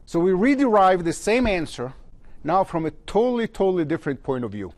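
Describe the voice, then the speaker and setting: A man giving a university physics lecture at a blackboard, his phrases often trailing off low at the end. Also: a little fast. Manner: lively pitch, trails off low at phrase ends. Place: lecture hall.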